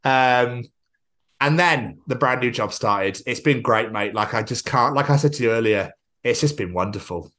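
A man, co-hosting a podcast in casual chat, excitable and sweary, acting out quotes. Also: medium pitch, moderate pace. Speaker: podcast co-host.

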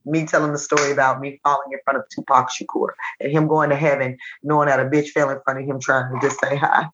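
A woman with a low voice that still rings bright and forceful talks casually as a podcast guest. She tells stories with animation and acts out quoted lines. The audio is a bit dull and lo-fi. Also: flat delivery, quick pace, slight background noise. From Nashville. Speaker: comedian and teacher, podcast guest. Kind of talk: casual interview chat.

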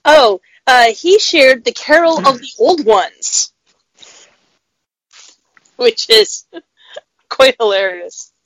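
A woman chats casually on a podcast, breaking in with quick agreeing asides. Her voice is a little high. The sound is dry and close, with no room around it. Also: very animated, fairly bright tone, dry recording, poor audio. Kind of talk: casual chat.

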